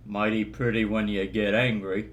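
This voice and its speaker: A man putting on a drawling old Western cowboy voice, lower than his own. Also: level tone, moderate pace, lightly acted. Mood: flirty.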